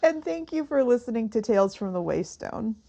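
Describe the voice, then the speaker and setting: Giggly woman podcast host with vocal fry. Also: a little high, very animated, fairly quick, mellow. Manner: giggly, laughs a lot. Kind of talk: casual podcast chat.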